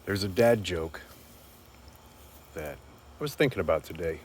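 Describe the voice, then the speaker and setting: A man's voice: low-pitched, lively intonation, measured pace. A man telling a joke and musing on perspective in a rambling, earnest monologue. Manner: rambling, earnest, repeats words. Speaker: speaker sharing life reflections. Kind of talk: casual reflective monologue. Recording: faint background noise.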